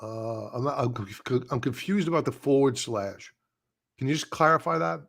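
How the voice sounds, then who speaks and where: A man's voice: mid-range voice, normal speed, creaky, a bit bright. Blunt man hosting a live trading stream. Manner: blunt, scoffing, repeats points for emphasis. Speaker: livestream stock trading host. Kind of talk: casual live market commentary.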